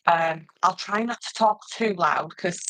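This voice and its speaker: A middle-aged woman, chatting loudly and laughing often as she presents paper crafts on a live stream. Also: lowish voice, unhurried, poor audio. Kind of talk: casual live stream chat.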